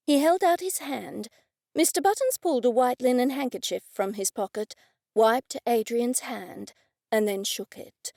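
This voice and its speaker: A woman narrating an audiobook in the first person with measured, even storytelling. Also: on the high side, no room sound, clean studio sound.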